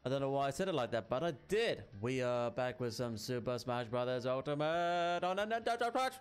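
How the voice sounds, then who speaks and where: A man hosting his own gaming channel, giving excitable let's play commentary and shouting at the game. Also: medium pitch, fairly quick, clean tone, soft background music.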